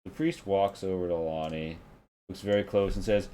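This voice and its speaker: Deep-voiced man running a tabletop game. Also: moderate pace, slight background noise. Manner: relaxed, with frequent fillers. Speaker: game master.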